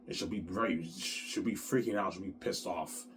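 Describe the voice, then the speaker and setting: A man's voice: deep voice, normal speed, a bit bright, slight background noise. A man in his thirties talking in an agitated, repetitive rambling monologue, swearing a lot. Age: 30s. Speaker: vlogger.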